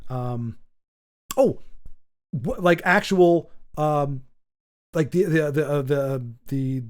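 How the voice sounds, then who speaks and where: A man with a high-pitched voice hosts his own channel and rants off the top of his head. He rambles, restarts his sentences and fills the gaps with ums. He sounds casual and unscripted. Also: takes it slowly. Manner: rambling, full of restarts and fillers. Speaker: channel host. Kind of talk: off-the-cuff commentary rant.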